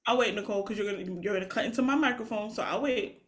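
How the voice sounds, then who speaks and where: Talking very fast at a medium pitch, a young woman co-hosting a podcast tells lively stories in relaxed conversation, frequently breaking into laughter.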